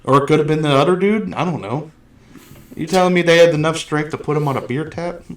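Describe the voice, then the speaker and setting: A man's voice: fairly high pitch, fast, a little hiss or hum. A man hosting a podcast, in a casual, blunt and profane chat about a movie. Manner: blunt, profane, animated storytelling. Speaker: podcast host.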